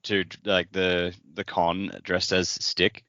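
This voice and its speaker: A man's voice: deep voice, little pitch movement, slow pace, pushed and bright, no echo. A man co-hosting a book podcast, making sarcastic quips and swearing casually. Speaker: podcast co-host. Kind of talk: casual book-club chat. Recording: dry, dull lo-fi podcast audio.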